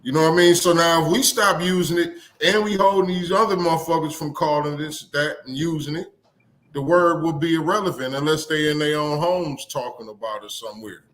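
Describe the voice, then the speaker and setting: A man co-hosting a casual talk show, relaxed and often asking "you know what I mean". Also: a little high, a little fast. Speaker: co-host.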